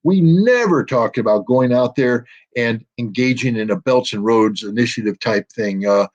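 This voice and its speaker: A man's voice: medium pitch, moderate pace. Emphatic, sardonic American man on dull audio. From United States. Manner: emphatic and sardonic, mocking quoted officials. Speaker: guest. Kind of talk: political commentary interview.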